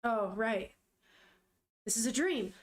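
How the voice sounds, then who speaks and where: A woman's voice: fairly high pitch, animated, slow pace, pitched below the performer's own voice. Woman reading as a flustered, stunned young man. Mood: bewildered. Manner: stammering, bewildered.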